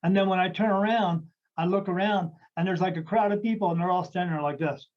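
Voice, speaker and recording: A man's voice: high voice, fast. A man hosting a podcast as a medium, telling stories in a rambling, casual way with many fillers and restarts. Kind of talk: casual storytelling chat. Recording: dull lo-fi audio.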